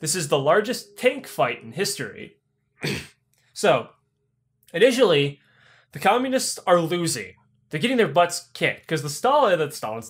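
Profane male podcast host, slightly high voice, rambling comic history. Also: fairly bright tone. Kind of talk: irreverent comedic history retelling.

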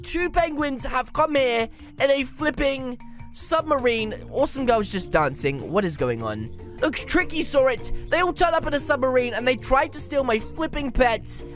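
A woman hosting gameplay commentary, animated and playfully bossy, with teasing insults. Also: high-pitched. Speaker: YouTube gameplay host. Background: faint music.

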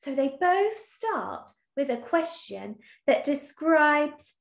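A woman teacher tells a story to young children in a high, lively, sing-song voice, taking her time over each phrase. Her voice rings a little in an echoey room. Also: slow pace, creaky. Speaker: primary school teacher. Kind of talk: reading a storybook aloud in an online lesson.

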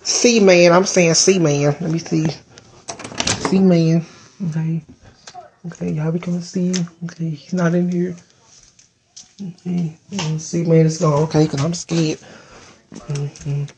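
A woman's voice: fairly low pitch, level tone, slow, long pauses, a little mellow, slight background noise. A woman chatting casually on a live stream from home into a phone, rambling and swearing in a playful way. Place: indoors at home.

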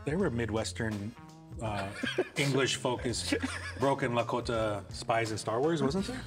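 A man's voice: mid-range voice, lively intonation, unhurried, music in the background. A man hosting a casual chat show who asks long, earnest, winding questions. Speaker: host.

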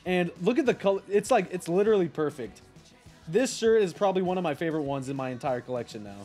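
A young man chatting on a live stream, rambling excitedly, swearing and talking to his chat. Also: sits high, fast, faint music behind.

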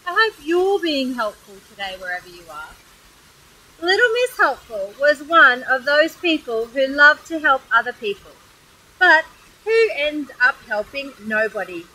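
An Australian woman reading a picture book aloud to children outdoors by a waterfall, in an animated, expressive way. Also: sits high, unhurried, low-quality recording. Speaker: storyteller.

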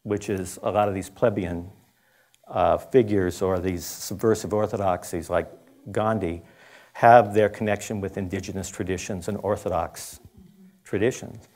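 A man's voice: low-pitched, steady tone, normal speed, a little mellow. A man giving a conference lecture, telling an anecdote in a loose, conversational way, with restarts and asides. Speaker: conference speaker. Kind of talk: storytelling lecture. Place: school conference talk.

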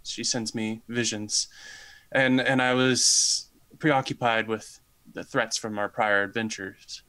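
A man's voice: lowish voice, fairly even intonation, takes it slowly, pushed and bright, clear, resonant tone. A man playing his character in a tabletop game, speaking hesitantly with stammers. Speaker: player. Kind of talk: in-character tabletop role-play.

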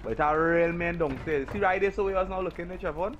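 A man talks casually while playing a shooter, repeating quick callouts to his squad. His voice sits a bit high. Gunfire from the game is clearly heard behind him. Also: lo-fi sound, a little hiss or hum. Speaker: gamer. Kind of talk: casual gaming chat.

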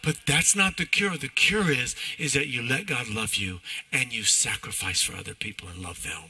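A male pastor preaching a sermon in church, animated and emphatic, often restarting his phrases. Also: medium pitch, normal speed, breathy edge, rough recording.

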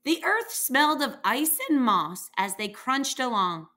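A woman reads a children's picture book aloud, slowly and with plenty of expression. Her voice is bright and sits a little high, and her pitch swoops lively from line to line as she takes on the animals' voices. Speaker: reader.

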